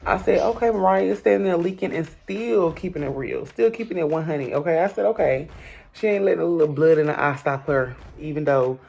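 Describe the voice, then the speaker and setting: A woman's voice: deep voice, brisk, gravelly, a little mellow. A woman hosting a casual, gossipy recap of a reality show, talking straight to her viewers in a sassy voice. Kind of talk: casual chat.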